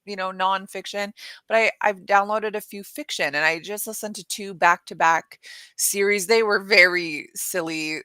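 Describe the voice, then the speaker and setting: A woman in her thirties with an American accent, co-hosting a morning talk show in rambling, animated casual chat. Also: mid-range voice, moderate pace, smooth, dry recording. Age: 30s.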